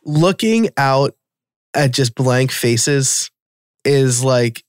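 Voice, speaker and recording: Male podcast host, New York accent, mid-pitched voice, dry close sound, animated casual delivery. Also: clean tone, no room sound. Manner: animated, quick asides and quoted self-talk.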